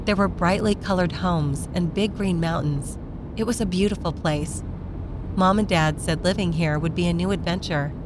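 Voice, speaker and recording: A woman narrating a children's story in a gentle, measured scripted reading. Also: fairly low pitch, noisy background.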